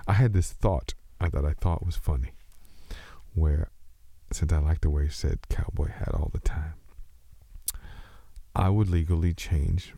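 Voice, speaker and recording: A very deep, mellow-voiced man with a slight Texas twang rambles through a solo podcast monologue. He is loose and joking and often mocks himself as he meanders from thought to thought. The sound is close and dry. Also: measured pace, creaky, pauses often, no echo. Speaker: podcast host.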